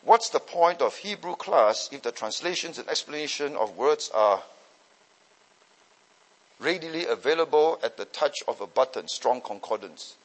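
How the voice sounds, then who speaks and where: A man's voice: on the high side, expressive, normal speed. A man, a pastor and Bible teacher, answering student questions in a teaching session and often checking that listeners follow. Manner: explanatory, asks checking questions. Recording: long hall reverb.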